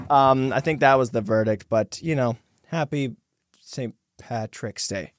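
A man's voice: mid-range voice, a little slow, no room sound, studio quality. A young man hosting a podcast, chatting casually in a goofy, joking, rambling way. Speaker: podcast host.

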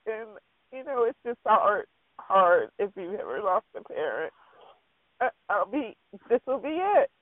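A woman's voice: medium pitch, sing-song, a little slow, no echo. Earnest woman caller on a tinny phone line. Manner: earnest and heartfelt. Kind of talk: casual prayer-line chat.

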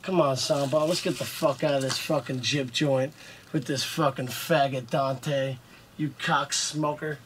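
A man's voice: medium pitch, steady tone, unhurried, a little hiss or hum, close to an everyday voice. An actor playing a crude, foul-mouthed young male slacker who rambles brashly in film dialogue.

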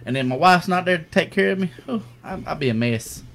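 Middle-aged male podcast co-host, a lively, animated storyteller with a slightly high voice. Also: a little fast, gravelly. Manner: animated storyteller, acts out quotes, laughs a lot. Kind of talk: casual podcast banter.

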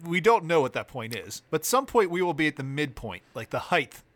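A man's voice: a little high, sing-song, fairly quick, a bit bright, no room sound. A man co-hosting a podcast in casual chat, upbeat and laughing often as he eggs his co-host on.

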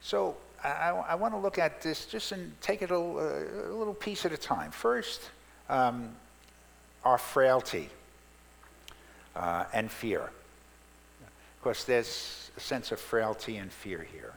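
Gravelly-voiced male preacher in a hall. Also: mid-range voice, takes it slowly, pauses often. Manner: expressive, shifts from loud emphasis to soft prayer. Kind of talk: sermon. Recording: reverberant hall, faint hum.

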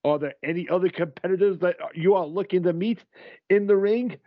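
A man's voice: high-pitched, fairly quick, no echo. Guy doing a hype wrestling radio host, dull dry lo-fi sound. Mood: calming. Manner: announcer-style, hyping. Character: upbeat male wrestling talk-show host.

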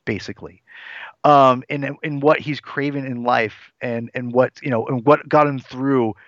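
A man's voice: mid-range voice, steady tone, a little slow, a bit bright, dry recording. A forty-year-old man co-hosting a casual podcast, speaking earnestly and circling back on himself with restarts. The sound is dull and lo-fi, with a dry, close feel. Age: 40s. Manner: earnest, rambling with frequent restarts. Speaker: podcast co-host.

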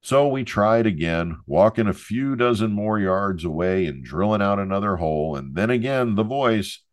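A middle-aged man hosts a podcast in a very low voice, spinning jokes and stories with a showman's patter. The sound is dry and close, with no room around it. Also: animated, moderate pace, few pauses, no echo. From Florida. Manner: jokey, storytelling showman patter. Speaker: podcast host. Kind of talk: hosted podcast monologue.

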